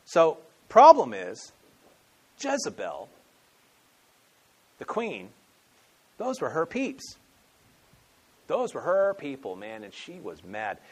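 A man's voice: medium pitch, slightly rough. Conversational man preaching a sermon. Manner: conversational storytelling, acts out quotes, frequent restarts. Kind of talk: expository sermon.

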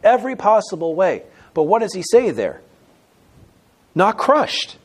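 Male pastor delivering a sermon, lively pitch, punchy stresses and soft asides. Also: a little fast, husky. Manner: emphatic, swings between loud stresses and quiet asides.

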